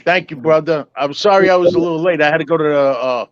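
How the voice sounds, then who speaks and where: A man's voice: on the high side, fast, smooth, no room sound, lo-fi sound. An older man chatting casually as a guest, nostalgic and rambling, often calling people "man.". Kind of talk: casual chat.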